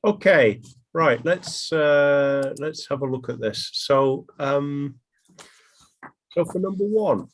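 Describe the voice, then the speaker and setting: A man teaching an online English class, talking in a relaxed, chatty way with many ums and restarts. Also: on the high side, slow, faint music behind.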